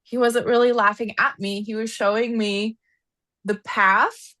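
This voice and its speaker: A woman guest on a podcast, telling a personal story in casual interview talk, animated and full of "like", her pitch climbing as she relives strong feelings. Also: unhurried, no echo. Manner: animated storyteller, frequent "like", rises in pitch when reliving anger. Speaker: podcast guest, equine therapist.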